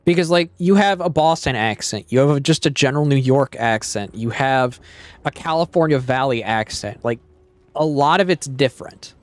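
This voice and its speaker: A man's voice: medium pitch, lively intonation, normal speed, dry recording, faint music behind. A man chatting casually while playing a game, answering questions from his chat. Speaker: gaming streamer. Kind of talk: casual gameplay commentary.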